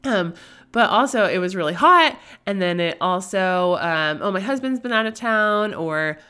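A woman's voice: mid-range voice, expressive, normal speed, sharp tone, smooth. A young woman hosting a casual faith-based podcast, chatty and rambling into tangents, her voice nasal and tired from a lingering cold. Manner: chatty, rambling into tangents, often asks "right?". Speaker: podcast host.

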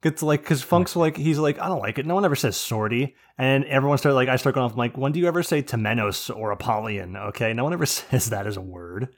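A man's voice: medium pitch, animated, fast talker, hardly any pauses. A man from New Jersey co-hosting a podcast, rambling through jokey rants with plenty of swearing. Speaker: podcast co-host. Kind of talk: casual chat.

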